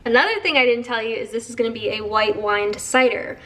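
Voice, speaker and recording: A woman's voice: a little high, a little fast, sharp tone. A young woman vlogging casually at home, chatty and playful as she shows things to the camera. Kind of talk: casual vlog chat. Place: home, indoors.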